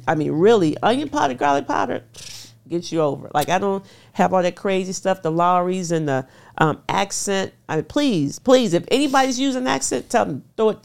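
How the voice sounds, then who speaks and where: A woman's voice: lowish voice, creaky, darkish tone. A middle-aged woman talking casually as a nutrition expert guest, stressing her points and repeating them for emphasis. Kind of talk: casual interview chat.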